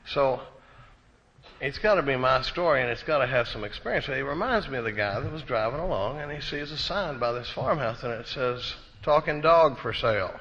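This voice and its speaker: A man's voice: medium pitch, expressive, brisk, fairly bright tone. A middle-aged man from Texas giving a personal recovery talk at a conference, a folksy storyteller with self-deprecating jokes. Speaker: recovery meeting speaker. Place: conference hall. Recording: muffled live talk recording.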